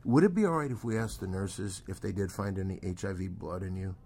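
A man's voice: deep voice, fairly quick, mellow, slight background noise. A man hosting a comedy show, wryly directing the others while going through mail. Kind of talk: casual chat, reading mail.

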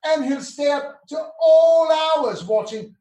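A man's voice: very high voice, animated, takes it slowly, mellow. Prissy, theatrical man in an echoey room. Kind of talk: comic affected chat. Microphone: video call.

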